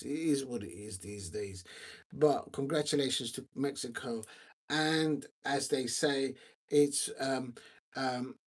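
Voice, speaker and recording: A husky-voiced man hosts a football live stream, sounding tired. He talks in a loose, rambling way, full of ums and restarts, and reads viewer comments aloud between his match opinions. His pitch sits at an ordinary middle height. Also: darkish tone. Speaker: livestream football watch-along host. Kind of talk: casual live-stream chat.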